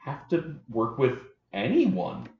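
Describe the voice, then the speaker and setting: A man co-hosting a casual podcast chat, sarcastic and quick to argue. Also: mid-range voice, wildly swooping pitch, recorded from a distance. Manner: sarcastic, argumentative. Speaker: podcast co-host. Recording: roomy, dull lo-fi audio with faint noise.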